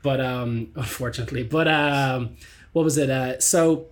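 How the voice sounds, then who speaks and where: A young man hosting a podcast, telling stories very fast in a casual, laughing, jumbled way. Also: medium pitch. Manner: very fast, tangled, laughing storyteller. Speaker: podcast host. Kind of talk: casual chat.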